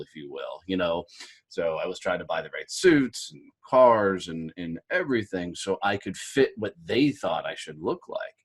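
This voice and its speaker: A man in his early forties talks as a podcast guest, folksy and energetic. His light Southern American twang sits in a lowish voice, and he calls the host dude and brother. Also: slightly rough. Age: 40s. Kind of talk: casual podcast interview.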